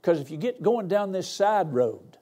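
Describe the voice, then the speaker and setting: A man's voice: high-pitched, big pitch swings, normal speed, dark tone. An older man, a guest pastor preaching a sermon in a folksy, humorous, storytelling way. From Arkansas. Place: church.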